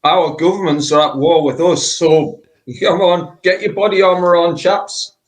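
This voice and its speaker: A man's voice: high voice, steady tone. A man, a studio guest trading dry jokes with the host. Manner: dry joking, slow deliberate delivery. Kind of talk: casual banter.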